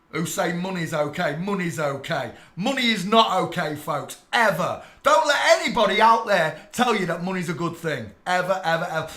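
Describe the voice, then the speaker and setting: An irate English man preaches to his live chat in a bright, forceful voice pitched a little high. He swears freely and flares into shouting. The room around him rings with echo. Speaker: live stream host. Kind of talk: solo live-stream rant to chat.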